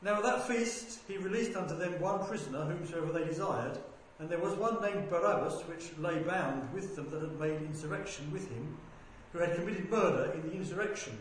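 A man reading a Bible passage aloud in a measured, deliberate way, lifting his voice for quoted speech. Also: on the high side. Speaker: scripture reader. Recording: very echoey room with faint background noise.

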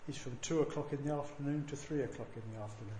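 A man preaching a sermon, swinging between loud proclaiming and quiet, low asides. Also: fast talker, very echoey, a little hiss or hum.

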